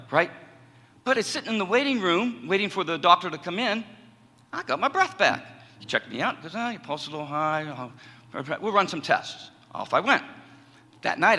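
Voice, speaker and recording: Middle-aged male professor, animated storyteller, bright clear tone, hall reverb. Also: a little high. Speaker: assistant professor of communication. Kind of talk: personal testimony to a college audience.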